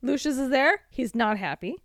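A young woman co-hosting a podcast, casually retelling a story in a lively way and slipping into quick silly voices. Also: high-pitched, dry recording, studio quality. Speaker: podcast co-host. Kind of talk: casual chat recapping a story.

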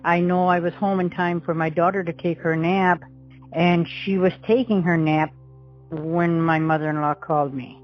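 A woman's voice: on the low side, steady tone, normal speed, highs cut off, faint music behind. A middle-aged woman recounting a past event as an interview witness, rambling along and acting out the dialogue she quotes. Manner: rambling storyteller who acts out quoted dialogue.

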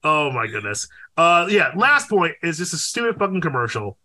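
A young man co-hosting a podcast in casual chat, animated and profane, with loud exclaims. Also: on the high side, normal speed. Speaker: podcast co-host.

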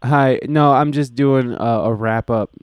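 A man's voice: medium pitch, a little slow, clear, resonant tone, dry recording. A young man, hosting a casual podcast and rambling profanely about his band's tour. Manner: profane, ranting, full of "like" and restarts. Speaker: podcast host and touring musician.

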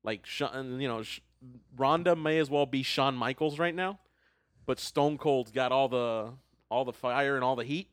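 A man's voice: mid-range voice, normal speed, clear, resonant tone, no echo. A man talks through wrestling storylines at length, stopping and restarting his sentences. His voice sits mid-range and the recording is dry and close. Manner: explains at length, hesitant restarts. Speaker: wrestling correspondent on a podcast. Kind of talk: casual chat.

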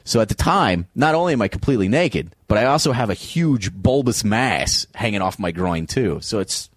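Animated male comedian telling a story. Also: on the low side, normal speed. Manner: animated, acts out voices in stories. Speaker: comedian guest. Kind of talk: storytelling interview.

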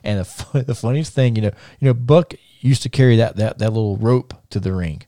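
A man's voice: mid-range voice, fairly quick, warm tone, no echo. A man who hosts a podcast, telling rambling stories, repeating words and laughing at them. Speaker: podcast host and former wrestler. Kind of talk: casual storytelling.

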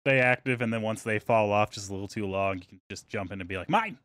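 A man's voice: lowish voice, steady tone, fast talker, fairly bright tone, no room sound. A man hosting a casual podcast, joking around with his co-hosts before wrapping up the episode. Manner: joking, wraps up plainly. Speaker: podcast host.

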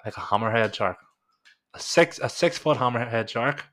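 A man's voice: medium pitch, moderate pace, a bit bright. Young Northern Irish man, podcast co-host; loose, sweary, storytelling banter. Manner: swears freely, banters and tells vivid stories. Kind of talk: casual chat.

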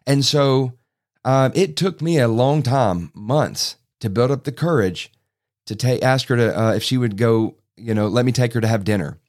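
A man's voice: mid-range voice, moderate pace, darkish tone. A middle-aged man, preaching as a pastor, telling a personal story in a folksy, self-deprecating way. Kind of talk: sermon storytelling.

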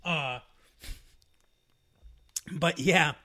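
Bright-voiced joking podcast host, a man. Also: on the high side, drawn-out words. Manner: rambling, joking and laughing, swears freely. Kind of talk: casual podcast chat.

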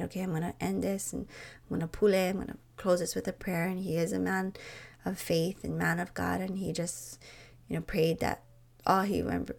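A woman's voice: fairly low pitch, gravelly. A woman, hosting her podcast and talking without notes in a passionate, pleading way. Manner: passionate, pleading, rising to emphatic. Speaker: podcast host. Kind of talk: unscripted personal talk.

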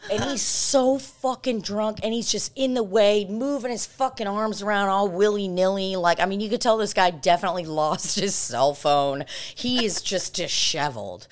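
A woman hosting a podcast, telling a story in a casual, animated and very profane way. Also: medium pitch, normal speed, few pauses. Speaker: podcast host.

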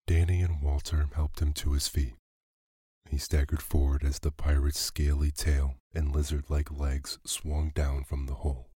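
A man narrating a bedtime story in a slow, even, soothing reading. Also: a bass voice, breathy edge, no room sound, studio quality.

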